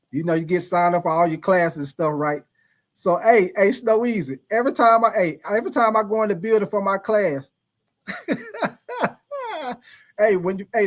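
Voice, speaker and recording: A man hosting a livestream, casually telling a profane story to his chat, laughing often and calling out viewers by name. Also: high voice. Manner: animated, laughing, profane, calls out chat names. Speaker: livestream host.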